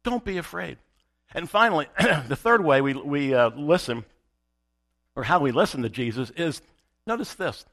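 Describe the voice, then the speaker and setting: A man's voice: mid-range voice, sing-song, moderate pace, fairly bright tone. A man preaching a sermon as pastor, emphatic and repeating his key phrases for weight.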